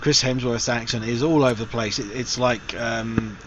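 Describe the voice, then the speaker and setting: A man's voice: medium pitch, steady tone, moderate pace, a loud crowd. A man hosting a casual film review show, rambling with fillers and restarts. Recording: dull lo-fi recording, faint hiss.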